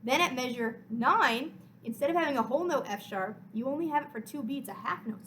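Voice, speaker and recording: A woman orchestra teacher explaining music step by step in a clear, encouraging way for a recorded lesson. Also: sits high, animated, brisk, fairly bright tone, rough recording.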